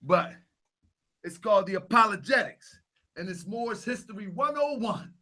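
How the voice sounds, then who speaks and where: Young man, high voice, bright tone, casual vlog host, repetitive, grows loud and animated. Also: moderate pace. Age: young adult. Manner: repetitive, animated, talks louder as he gets worked up. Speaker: Grand Sheik and channel host. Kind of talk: casual live vlog showing photos.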